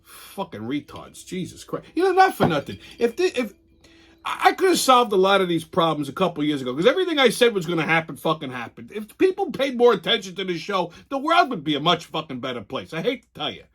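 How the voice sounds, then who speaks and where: A man's voice: sits high, wildly swooping pitch, fast talker, a bit bright. A man hosting a show, delivering an angry, profane ranting commentary. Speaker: show host.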